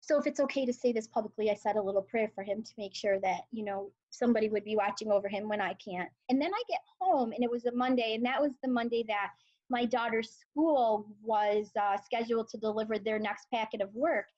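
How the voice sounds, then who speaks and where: A woman in her forties speaks a touch higher than most, sharing stories as a guest with heartfelt, halting earnestness. The audio is dull and lo-fi, with the top end muffled. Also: a little mellow. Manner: emotional, earnest storyteller with many fillers. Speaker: high school English teacher, guest. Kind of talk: conversational interview.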